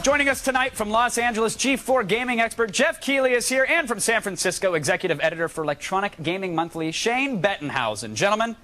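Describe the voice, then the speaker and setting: Excitable joking male TV host. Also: high-pitched, fast talker, few pauses, faint music behind. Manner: joking, loud and playful. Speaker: TV show co-host. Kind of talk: live TV banter. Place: TV studio.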